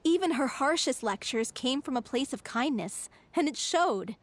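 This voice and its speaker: A kind young woman from a theatre troupe speaks gently and fondly. Her voice sits high and soft. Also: expressive, moderate pace. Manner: gentle, fond. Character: kind, nostalgic young female troupe member. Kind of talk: video game voice acting.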